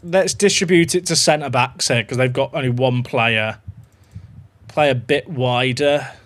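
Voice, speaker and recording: A man live-streaming a football management game, chatting excitedly to his viewers and reacting to every goal. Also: mid-range voice, measured pace. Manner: excitable, chatty, talks to his dog and chat. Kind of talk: live gameplay commentary.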